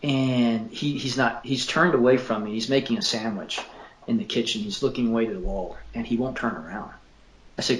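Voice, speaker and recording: A man in his fifties, an author and father, telling a personal story in an earnest, halting way that repeats words when he is moved. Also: mid-range voice. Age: 50s. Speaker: author and father interviewed about his book. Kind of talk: emotional personal storytelling in an interview. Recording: roomy echo.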